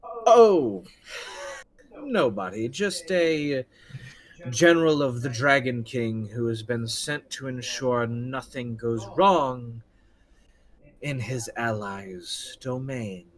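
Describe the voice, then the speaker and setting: A man's voice: mid-range voice, animated. A man voicing a refined, haughty male general who speaks coolly and without hurry. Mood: smug. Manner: refined, cool and unhurried.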